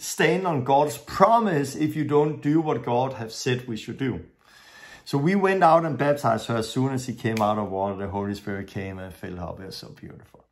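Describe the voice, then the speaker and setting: An earnest male preacher with a mid-range voice teaches a lesson in sermon style, weaving in stories. He speaks non-native English with some grammar slips.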